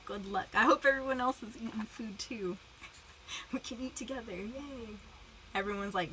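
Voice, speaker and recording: Young female streamer, bright voice, giggly, chatty, casual livestream banter. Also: medium pitch, moderate pace, slight background noise, low-quality recording. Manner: giggly, chatty, greets viewers by name; self-conscious, eating while talking.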